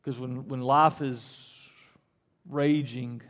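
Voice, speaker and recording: Speaking slowly in a mid-range voice with fairly even intonation, a man preaches a sermon in a church sanctuary. His delivery shifts from conversational to emphatic high points, and the church hall adds long reverb.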